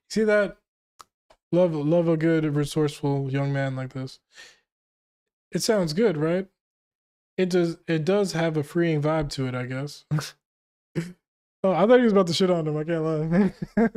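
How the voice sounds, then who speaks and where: A man's voice: on the high side, a little slow, pauses often, a little mellow, clean tone. A young man hosting a casual manga reaction, reading the dialogue aloud and breaking off to joke and laugh.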